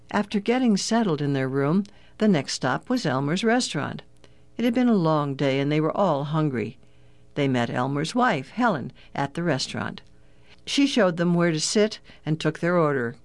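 Kids' audiobook narrator, clear and even, middle pitch, dead dry studio sound. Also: normal speed, no room sound. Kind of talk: scripted children's audiobook narration.

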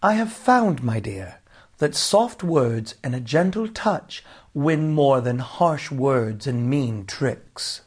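A man voicing a cheerful, gentle young husband with a playful, coaxing way of talking. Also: medium pitch, lively intonation, slow, breathy edge.

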